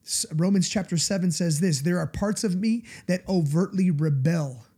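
A man's voice: high voice, normal speed, mellow, slightly rough. A male pastor giving a conversational sermon, earnest and confessional, often turning to the listeners for agreement.

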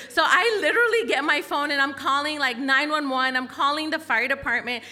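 A young adult woman telling a story in casual talk, animated and laughing, with many "like"s and "okay?"s. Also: high-pitched, a little fast, few pauses.

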